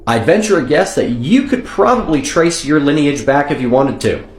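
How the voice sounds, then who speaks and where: A man's voice: on the high side, expressive, normal speed, reverberant. A man hosting a reaction video who speaks with sarcasm, swears freely and scolds the person he answers. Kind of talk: reaction commentary.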